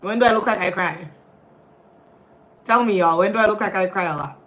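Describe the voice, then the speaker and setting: A woman's voice: medium pitch, a little fast, fairly bright tone, poor audio. A young woman hosting a casual livestream, chatting with viewers and reading their comments, laughing often and calling her audience y'all. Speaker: livestream host.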